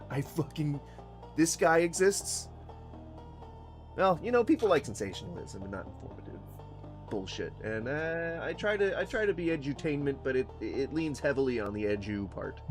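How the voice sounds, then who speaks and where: A man's voice: medium pitch, sing-song, normal speed, soft background music. A man reacting to videos on his channel, ranting casually and swearing often between laughs. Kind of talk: casual profane commentary.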